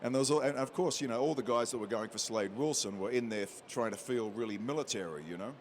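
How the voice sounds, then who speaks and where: A man in an interview, telling a story with plenty of life and slipping into the voices of the people in it. His voice sits in an ordinary middle pitch for a man. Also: fast talker, slight background noise. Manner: lively storyteller who acts out quotes. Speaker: interview guest, actor. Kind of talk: animated anecdote telling.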